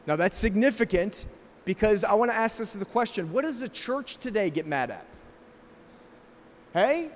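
A man's voice: high-pitched, animated, brisk, big-room sound, a little hiss or hum. A middle-aged man with a slight South African accent preaching a sermon as pastor, emphatic and asking the congregation rhetorical questions. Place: church sanctuary.

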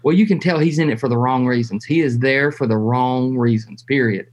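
Guy spinning a folksy camp story, lots of restarts and pauses. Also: medium pitch. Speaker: hunting show host. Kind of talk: casual conversation.

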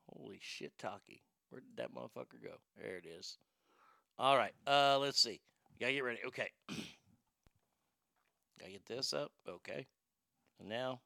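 A man's voice: a little high, vocal fry, sharp tone, no echo, studio quality. A man hosting a comedy show, reading odd news stories and joking about them in a profane, irreverent way. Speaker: host.

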